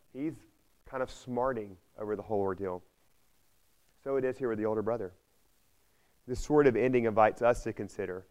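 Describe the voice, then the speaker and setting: A man delivers a sermon in an animated storytelling manner, leaning hard on key phrases and repeating them for emphasis. His voice sits at an ordinary middle pitch for a man. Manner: animated storytelling, acting out the characters' lines. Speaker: preacher.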